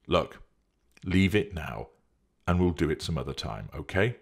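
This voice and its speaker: A man's voice: a bass voice, lively intonation, unhurried, creaky, heavily acted. A man voicing a patient man who reasons with and refuses a demanding woman. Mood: firm refusal.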